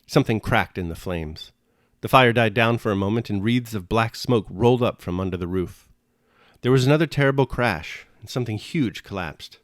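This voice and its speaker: A man with a low voice reads a classic novel aloud at a measured pace, giving each sentence an expressive lift. The recording is close and dry, with no room echo. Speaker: reader and commentator. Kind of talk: audiobook reading and reflection.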